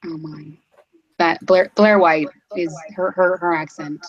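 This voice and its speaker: A woman in casual conversation on a stream, animated and full of "like" fillers, laughing easily. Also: on the low side, unhurried, lo-fi sound. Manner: animated, says "like" a lot, laughs readily. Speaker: stream guest. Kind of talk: casual chat.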